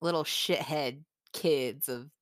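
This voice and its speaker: A woman's voice: low voice, slow, no echo, clean studio sound. A young woman co-hosting a casual book podcast, gushing and giggling as she reads favorite quotes aloud. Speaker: podcast co-host.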